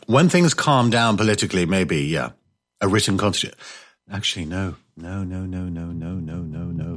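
A man's voice: low voice, normal speed, a bit bright. A man hosting a casual chat show, telling rambling stories with jokey, self-mocking asides and reading out listener messages. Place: indoors, living in coastal Spain.

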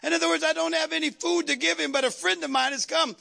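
A man preaches a fervent sermon, drawing out verses and calling on the congregation to answer. His voice sits very high and gravelly, with a bright, forceful edge. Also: fairly even intonation, fast. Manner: fervent, shouting call-and-response preaching. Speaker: pastor.

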